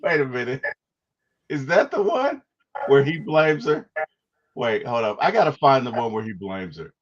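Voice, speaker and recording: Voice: medium pitch, big pitch swings, moderate pace, lo-fi sound, noisy background. A podcast host reviewing a movie, enthusiastic, laughing often and trailing off in restarts.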